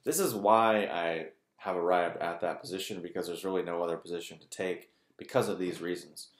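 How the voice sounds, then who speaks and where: A man's voice: low voice, brisk, reverberant. A man talking casually to his channel's viewers, rambling loosely and peppering his thoughts with "like" and "kind of". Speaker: spiritual teacher, YouTuber. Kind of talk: casual monologue to camera.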